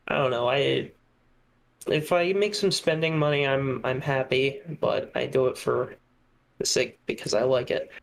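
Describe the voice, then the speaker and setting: Man, podcast guest, casual chat, hesitant, restarts often, mid pitch. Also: gravelly, a little hiss or hum. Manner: hesitant, many restarts and fillers.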